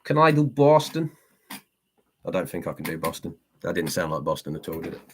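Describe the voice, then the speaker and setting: Low-voiced guy on a livestream, reading chat, laughing at himself a lot. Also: level tone, quick pace, slight background noise. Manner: chatty and self-deprecating, laughs often. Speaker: live stream host answering chat. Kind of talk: casual live-stream chat.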